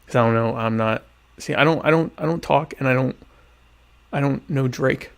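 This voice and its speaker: A young adult man hosting a podcast, answering listener questions in a deadpan, ironic, rambling way while eating dinner. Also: mid-range voice, normal speed, creaky. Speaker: podcast host. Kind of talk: casual solo chat answering listener questions.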